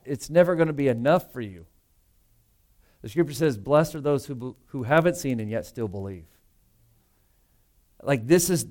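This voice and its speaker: A pastor preaching a sermon in a conversational, emphatic way, full of rhetorical asides. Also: male voice, on the high side, darkish tone.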